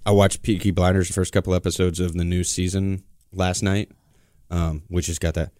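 A man's voice: low-pitched, flat delivery, normal speed, dark tone, no echo, studio quality. A man co-hosting a podcast in casual chat, joking with playful asides. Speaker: podcast co-host.

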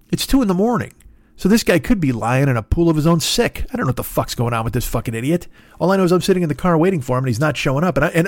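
A man's voice: fairly high pitch, dry recording. A man with a stuffy nose hosting a podcast, ranting through a profane, self-deprecating comic monologue. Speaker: podcast host. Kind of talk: rambling comedic monologue.

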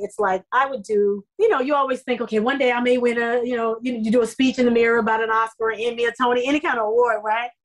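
Woman, middle-aged, rather high voice, effusive, emotional, animated quoted asides, interview guest. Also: low-quality recording. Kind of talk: conversational interview.

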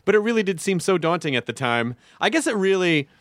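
A man's voice: high voice, sing-song, fast, fairly bright tone, no echo, studio quality. A middle-aged man hosting a podcast in casual chat, loose and profane, restarting his sentences often. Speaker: podcast host.

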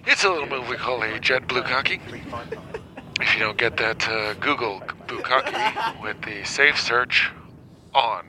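A man's voice: mid-range voice, a little slow, a loud crowd, natural voice, rough recording. A man playing a male airline captain on the intercom who keeps cracking up mid-announcement. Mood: mock-formal. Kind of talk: comedy bit.

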